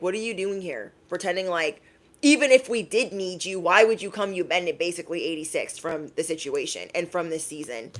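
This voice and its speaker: A young adult woman giving channeled intuitive messages, sassy and emphatic, repeating lines for effect. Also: fairly low pitch. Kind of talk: casual direct-to-camera messages.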